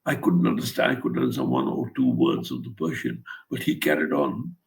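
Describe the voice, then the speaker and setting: A man's voice: rumbling low, sing-song, brisk, vocal fry, low-quality recording. An older man from India, an author telling a blunt, wry story in an interview and acting out the quotes. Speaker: author interviewed about his translations.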